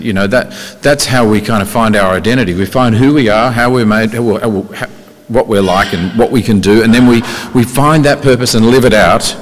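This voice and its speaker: A man preaching a conversational sermon, with rhetorical questions and sudden emphatic rises in pitch. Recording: reverberant hall.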